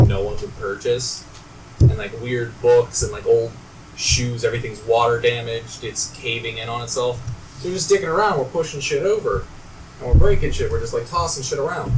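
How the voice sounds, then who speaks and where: A young man on a casual podcast, telling stories in an animated way, swearing freely and acting out the voices of people in them. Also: medium pitch, far from the mic. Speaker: podcast co-host. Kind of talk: casual storytelling chat. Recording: echoey room, off-mic, noisy.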